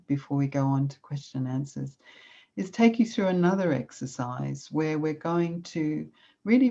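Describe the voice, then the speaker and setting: A middle-aged woman giving a gentle talk on self-compassion and leading a guided meditation in a calm, unhurried way. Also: deep voice, vocal fry. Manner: calm, warm, unhurried, with soft guiding instructions. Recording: slightly dull lo-fi recording.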